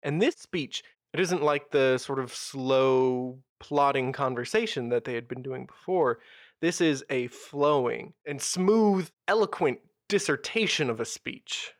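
A man's voice: medium pitch, dry recording. Man narrating a tabletop game, dry sound. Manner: measured, descriptive storytelling. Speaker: game master.

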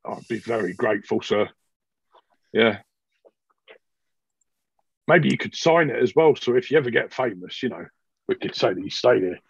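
A man's voice: on the low side, lively intonation, normal speed, vocal fry, pauses often, breathy edge, no echo, highs cut off, exaggerated voice. A man voicing an obsequious male innkeeper who rambles to please his guest. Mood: fawning. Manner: fawning, rambling.

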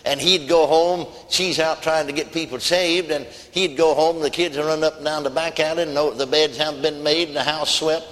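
A man's voice: fairly high pitch, steady tone, normal speed, few pauses, fairly bright tone. A man preaching a sermon, telling a story in a folksy, emphatic way. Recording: long hall reverb.

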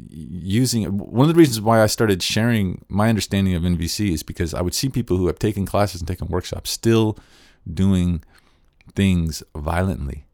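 Deep-voiced man teaching, dry close sound. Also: moderate pace, a little mellow, no room sound. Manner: earnest, thinking aloud with frequent restarts. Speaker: teacher of nonviolent communication. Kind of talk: casual spoken teaching.

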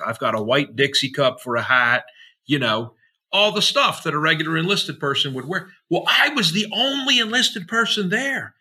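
A middle-aged man speaks as a podcast guest, piling one anecdote onto the next with plenty of fillers and casual slang. His voice is bright and edgy, with a husky, breathy grain. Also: fairly high pitch. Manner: chatty, filler-heavy, slangy, acts out quoted voices. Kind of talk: rambling anecdotal storytelling.

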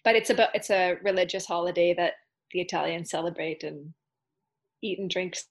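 A woman's voice: lowish voice, steady tone, a little fast. A woman guest on a podcast, talking in a reflective, giggly way over a video call. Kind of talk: casual heartfelt conversation.

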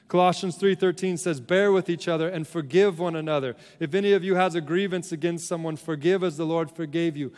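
A man's voice: fairly high pitch, brisk, few pauses, darkish tone. Earnest male pastor preaching in a reverberant hall. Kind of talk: sermon.

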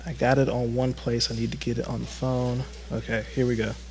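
A man's voice: mid-range voice, fairly quick, gravelly, a little hiss or hum. Man preaching in a reverberant church. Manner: animated, acts out stories in quoted voices. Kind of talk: sermon. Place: church sanctuary. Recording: long reverb of a church hall.

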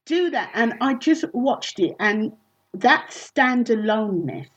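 A woman comedian chatting casually in a remote interview, telling animated, self-mocking stories. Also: on the high side, slow pace, slightly rough, muffled recording. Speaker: comedian guest. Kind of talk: casual chat.

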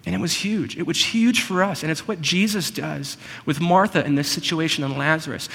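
A man's voice: on the high side, gravelly, bright, forceful tone, husky. Earnest male preacher in a reverberant hall. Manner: earnest, personal, slows for emphasis. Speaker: pastor. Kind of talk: sermon.

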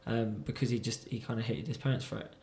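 A man's voice: on the low side, steady tone, quick pace, a little mellow. A man chatting casually as a podcast co-host, telling stories animatedly with many fillers. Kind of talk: casual chat. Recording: roomy echo.

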